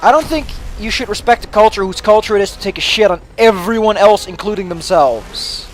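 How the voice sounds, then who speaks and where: A man's voice: high-pitched, expressive, fairly quick, slight background noise. A man giving casual gameplay commentary, launching into a mock-angry, swear-heavy rant and then sheepishly apologizing. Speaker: let's play commentator.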